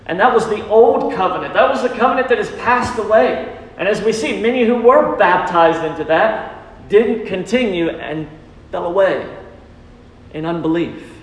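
A man preaching to his church with a high, ringing voice. He leans on emphatic lines and throws questions out to the congregation for them to answer. The sound carries a long, booming reverb from the sanctuary around him. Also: animated, moderate pace. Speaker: pastor. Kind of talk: sermon. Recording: echoey church hall.

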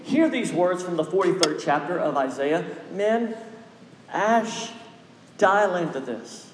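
High-voiced man preaching in an echoey hall. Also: lively intonation, takes it slowly, noisy background. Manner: exhorting, repetitive preaching cadence. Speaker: pastor. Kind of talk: sermon.

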